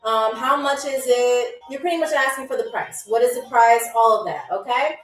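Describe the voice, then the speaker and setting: A young woman with a high-pitched voice runs a live-stream trivia game at normal speed, cheering on the chat and reading viewer comments while tossing in "okay?" and "all right?". The mic is far from her, so she sounds roomy and distant over faint background music.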